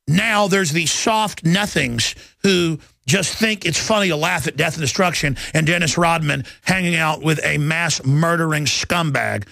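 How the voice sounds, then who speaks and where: A man's voice: a little high, vocal fry, pushed and bright, no echo. A man hosting a talk radio show, delivering an intense, combative monologue on a close studio microphone. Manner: intense and combative, mocking impressions of others.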